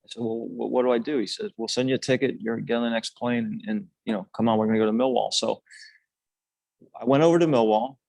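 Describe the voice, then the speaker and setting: A man's voice: mid-range voice, fast talker, gravelly, a little mellow, no room sound. An older man, a former national team player, telling his story casually on a podcast, earnest and rambling with many restarts and fillers.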